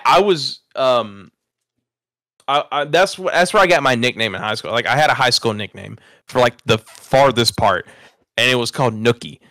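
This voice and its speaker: Bright-voiced young man rambling. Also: medium pitch, dry recording, clean studio sound. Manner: rambling, profane, laughs at himself. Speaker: podcast host. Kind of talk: casual storytelling chat.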